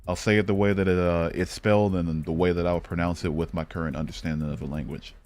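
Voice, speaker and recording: Deep and steady, a little mellow, this man speaks quickly with faint music in the background. He's a Michigan host on a casual live stream, cursing bluntly and thinking aloud with many fillers as he plays a geography game.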